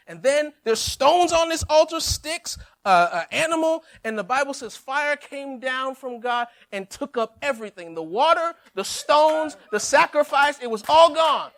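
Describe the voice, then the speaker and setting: A male pastor preaching a sermon, telling a Bible story with lively humor and acted-out quotes. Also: very high voice, measured pace, hardly any pauses.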